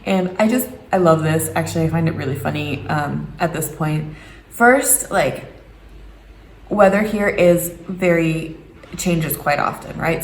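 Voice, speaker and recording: A woman in her thirties, hosting a casual, joking home vlog and putting on exaggerated voices when she quotes people. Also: fairly low pitch. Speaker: vlogger. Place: home room. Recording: echoey room with faint background noise.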